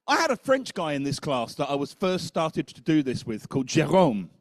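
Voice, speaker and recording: A man speaking at a teachers' conference, a lively storyteller who keeps checking in with the audience. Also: fairly high pitch, dry recording. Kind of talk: conference talk.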